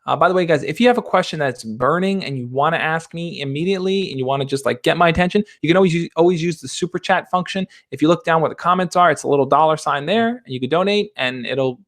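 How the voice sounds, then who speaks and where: A young man hosting a livestream, reading out viewer questions and answering them in a relaxed, reassuring way. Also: a little high, quick pace, hardly any pauses. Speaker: dating advice host. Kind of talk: casual livestream chat.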